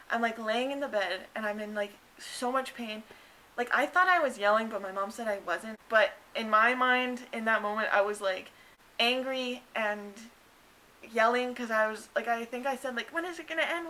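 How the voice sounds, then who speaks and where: Brief: young woman in her twenties, casual chatty storytelling, fillers, bright tone. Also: rough recording. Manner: chatty, many "like" fillers, acts out quotes in higher voice. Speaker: new mother telling her birth story.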